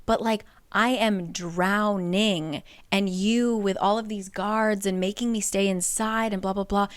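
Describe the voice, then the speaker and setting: A woman's voice: medium pitch, steady tone, a little slow, clear, resonant tone, no room sound, studio quality, natural voice. A woman casually voicing a stifled, frustrated young woman while retelling a story. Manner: casual paraphrase in her own voice.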